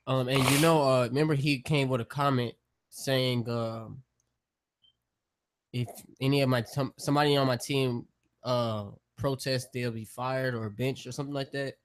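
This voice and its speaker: Soft-spoken male co-host, halting, mid-pitched, casual. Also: fairly even intonation. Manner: quiet, hesitant, halting. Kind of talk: casual chat.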